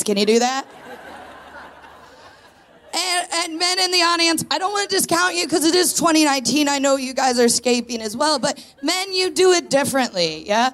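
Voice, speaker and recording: A woman's voice: high voice, lively intonation, normal speed, a bit bright. A woman in her thirties doing a confessional, self-mocking stand-up set on a live stage, telling stories with punchy asides. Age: 30s. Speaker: stand-up comedian, co-host. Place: live stage in a tent venue before an audience.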